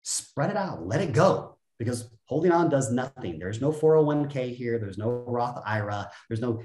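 An emphatic man talks as a podcast guest, blunt and forceful in how he makes his points. He slips into little mimicked voices to play out what others say. His voice sits at a middle pitch and rings in a roomy, echoing space. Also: lively intonation, moderate pace, hardly any pauses. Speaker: guest, self-help speaker. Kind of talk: energetic podcast conversation.

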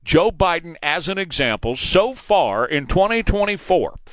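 Speaking at a measured pace, a man in his forties with a Texan drawl hosts political talk radio, opinionated and emphatic, saying things more than once to stress them. His fairly high voice swings widely in pitch and sounds a bit bright. It's a studio recording on a studio mic, with no echo.

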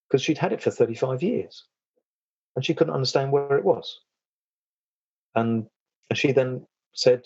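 A man's voice: mid-range voice, a little slow, pauses often, a little mellow, slightly rough, no echo, highs cut off. A man talking as a podcast guest about self-defense and trauma, rambling with frequent restarts. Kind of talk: casual interview chat.

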